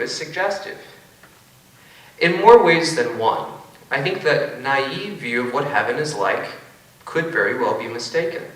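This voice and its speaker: A man with a bright, forceful voice gives a lecture-style debate talk, wry and full of joking asides. He is picked up from a distance in a big auditorium, and his words ring with heavy echo. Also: a little high. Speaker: philosophy professor. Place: large auditorium. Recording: echoey auditorium from far off.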